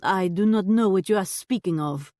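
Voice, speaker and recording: A woman's voice: mid-range voice, measured pace, dry recording, studio quality, natural voice. A woman doing a defensive shopkeeper with a fake French accent. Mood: indignant. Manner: indignant, evasive, accent slipping in and out.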